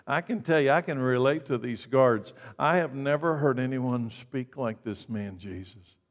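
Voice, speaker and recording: A man's voice: mid-range voice, normal speed, dull audio. Man preaching in a reverberant hall. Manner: emphatic preaching, swinging from loud to hushed. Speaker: pastor. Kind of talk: sermon.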